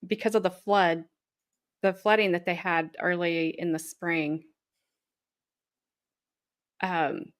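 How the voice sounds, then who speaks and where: A woman's voice: lowish voice, fairly even intonation, slow pace, long pauses. A woman chatting on a video call. She laughs along and trails off mid-sentence. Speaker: live-stream co-host. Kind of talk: casual video chat. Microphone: video call webcam.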